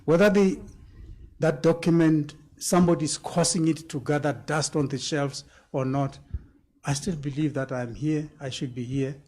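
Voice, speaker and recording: A man answering a question on a panel, deliberate and emphatic, sometimes repeating words. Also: fairly high pitch, steady tone, warm tone. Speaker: panel speaker at a public event.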